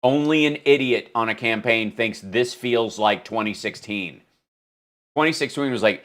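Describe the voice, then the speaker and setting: A man hosts a political comedy stream in a loose, rambling way. He jokes and swears freely as he reacts. His voice sits in a middle pitch. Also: normal speed, a bit bright. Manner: joking, profane, rambling. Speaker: host. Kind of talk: casual live-stream political comedy talk.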